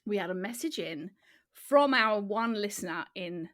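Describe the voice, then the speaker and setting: A woman's voice: medium pitch, expressive, moderate pace, fairly bright tone. A woman in her forties co-hosting a podcast in casual chat, laughing often and trailing off mid-sentence. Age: 40s. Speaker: podcast co-host.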